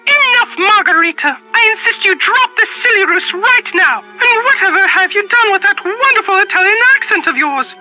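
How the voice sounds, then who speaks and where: A woman's voice: extremely high pitch, expressive, moderate pace, hardly any pauses. An actress voicing a pompous, fussy older society chairwoman in a video game, haughty and theatrical with old-fashioned phrasing. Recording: dull lo-fi game audio. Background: faint game music.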